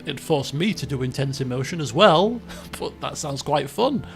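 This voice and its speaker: Lively gravelly male game streamer. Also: on the high side, normal speed, soft background music. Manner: chatty, musing aloud, jokey. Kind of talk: casual stream commentary.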